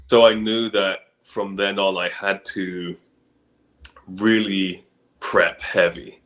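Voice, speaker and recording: Middle-aged male director, very low voice, relaxed and reflective. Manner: relaxed, thoughtful, many ums and you-knows. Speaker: film director guest. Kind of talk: casual interview chat.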